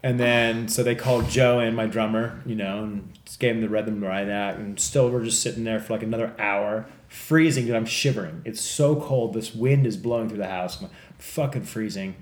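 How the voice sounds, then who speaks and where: A man's voice: lowish voice, normal speed. A man casually telling a story on a podcast, swearing a lot and acting out the people in it. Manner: profane, animated, acts out other people in the story. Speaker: podcast co-host. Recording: echoey room.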